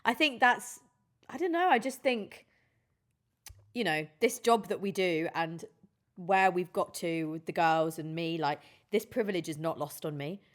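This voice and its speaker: A woman's voice: on the low side, expressive, a little slow. A woman, a DJ chatting candidly and emotionally on a podcast, swearing freely. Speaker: DJ and guest. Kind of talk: casual podcast chat.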